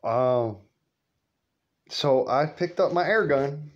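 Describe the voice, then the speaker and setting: A man's voice: on the high side, animated, takes it slowly, lo-fi sound. A man telling a story in a rambling, profane, colloquial way. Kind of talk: casual storytelling vlog.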